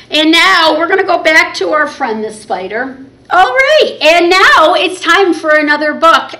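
Young female librarian for baby storytime: bright, high, unhurried, sing-song. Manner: sing-song, cheerful and encouraging toward little ones. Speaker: children's librarian. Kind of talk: baby storytime with songs and rhymes. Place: library program room.

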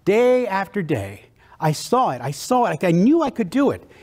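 Keynote speaker from South Texas, male, high, lively voice, big enthusiastic storyteller. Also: normal speed. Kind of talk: motivational storytelling speech.

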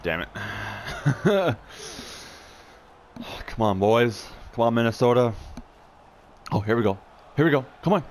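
A young man playing a hockey video game, muttering, swearing in frustration and yelling when excited. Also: mid-range voice, brisk, pauses often, slight background noise. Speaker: gaming YouTuber. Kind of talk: casual gameplay commentary.

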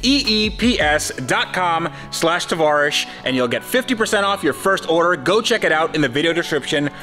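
A man in his thirties hosting a casual car-build video, animated and self-deprecating, with a sponsor read. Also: on the high side, moderate pace, faint music behind. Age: 30s. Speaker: host.

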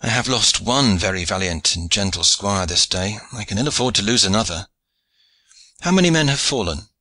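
A man's voice: fairly low pitch, expressive, moderate pace, pushed and bright, no room sound. A man voicing a gallant, pious old knight commanding his men, in courtly old-fashioned speech.

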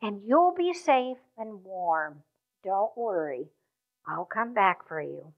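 A woman's voice: medium pitch, big pitch swings, slow, narrow, tinny audio, voice pushed down. A woman voicing a kind, loving grandfather who soothes and reassures a tired boy. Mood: reassuring. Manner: soothing, promising.

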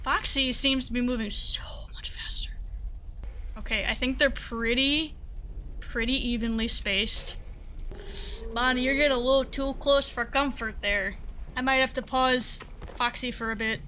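A young woman narrates her horror game run in a high, bright voice. She talks slowly and mutters at the screen, then shrieks when something jumps out. A faint hiss sits under the recording. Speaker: gaming video creator. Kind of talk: horror game let's-play commentary.

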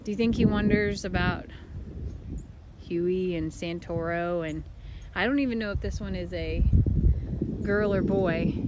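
A woman's voice: on the low side, unhurried, long pauses. A woman vlogging in a cattle pasture, chatting affectionately with the cows and musing aloud to viewers. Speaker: ranch vlogger. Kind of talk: casual vlog talk to animals and viewers. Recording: outdoor noise, vehicle hum.

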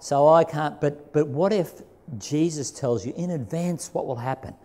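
A man's voice: medium pitch, moderate pace, mellow. A man pastor giving a sermon in church, talking in a conversational way, reading scripture aloud with emphasis and repeating key phrases. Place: church sanctuary.

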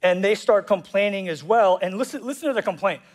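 A man preaching a sermon as pastor, animated and jokey, acting out voices in quotes. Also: high-pitched, a little fast. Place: church auditorium.

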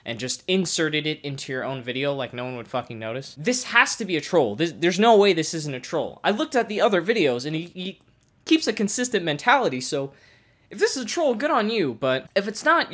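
A woman's voice: fairly low pitch, a little fast. Sarcastic, profane woman commentator. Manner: profane, sarcastic, deadpan mockery. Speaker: YouTube commentator. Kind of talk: comedic commentary reading comments.

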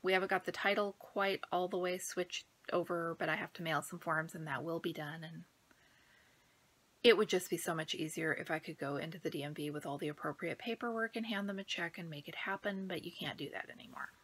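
A middle-aged woman chatting at home, a little out of breath, her husky voice bright and forward. She rambles from one thought to the next and now and then sinks into a near-whisper. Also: fairly low pitch, fairly quick. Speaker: cross-stitch vlogger. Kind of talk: casual chat.

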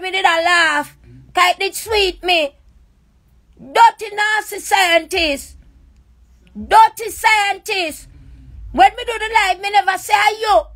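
Very high-voiced Jamaican woman. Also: a bit bright. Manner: accusing, repetitive, raw and impassioned. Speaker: livestreamer. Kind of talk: emotional live-stream rant.

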